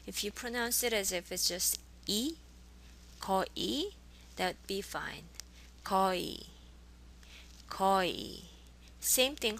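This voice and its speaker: A woman with a gravelly, bright voice teaches a language class. She says each model phrase slowly, over-enunciates it and then repeats it for her students. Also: mid-range voice. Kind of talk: language lesson.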